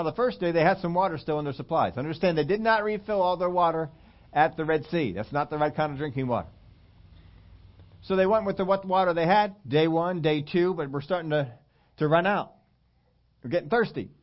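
A man preaching a sermon, acting out whiny complaining questions, then dropping low and slowing for emphasis. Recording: dull lo-fi sermon recording.

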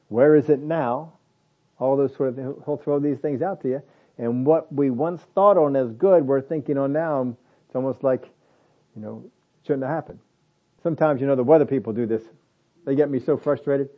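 A man preaching a conversational sermon, slowing down to repeat his key phrases for emphasis. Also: mid-range voice. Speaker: pastor. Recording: phone-like narrow band.

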